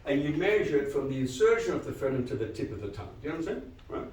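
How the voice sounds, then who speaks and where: A man giving a live lecture to dentists, animated and quizzing the audience with frequent questions. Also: a little high, racing, reverberant, recorded from a distance, rough recording. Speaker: dental lecturer.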